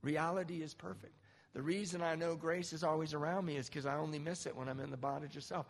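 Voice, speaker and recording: A middle-aged man giving a personal recovery testimony, animated storytelling with acted-out quotes. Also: fairly high pitch, quick pace. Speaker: speaker sharing a recovery story. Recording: long hall reverb.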